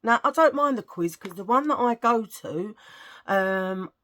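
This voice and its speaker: A woman's voice: medium pitch, measured pace. A woman chatting casually to her viewers, rambling through anecdotes with frequent laughs and acted-out quotes. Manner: rambling, animated, laughs a lot, acts out quotes. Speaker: vlogger.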